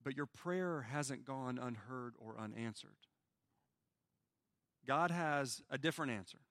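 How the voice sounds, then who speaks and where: A man preaching a sermon as pastor, swinging from loud pleading lines to hushed, quiet ones. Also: medium pitch, a little slow, dry recording, studio quality.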